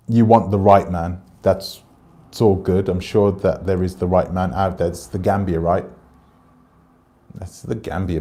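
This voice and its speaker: Low, mellow man rambling. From Britain. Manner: rambling, talks straight to viewers and reads out their comments. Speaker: channel host. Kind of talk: casual livestream commentary.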